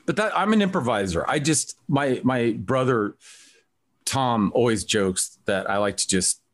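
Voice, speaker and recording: A man's voice: mid-range voice, lively intonation, measured pace. A man hosting an interview, chatting casually and telling rambling stories. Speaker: interview host.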